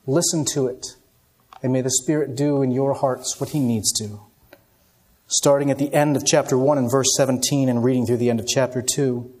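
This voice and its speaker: A man giving an evening sermon, telling a story dramatically and moving between hushed and raised passages. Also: medium pitch, steady tone, normal speed. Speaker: pastor.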